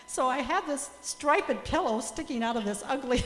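An older grandmother, a missionary speaker who tells stories of faith in a lively way and praises God often. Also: fairly high pitch, measured pace. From USA or Canada. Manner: animated, laughing storyteller, praising God often. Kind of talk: testimony talk to a church group. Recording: echoey hall with faint hum.

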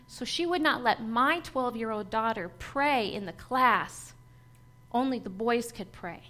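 A woman with a high voice delivers a personal testimony sermon to a church gathering. She speaks earnestly and with feeling, and light laughs break through her storytelling. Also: fairly bright tone.

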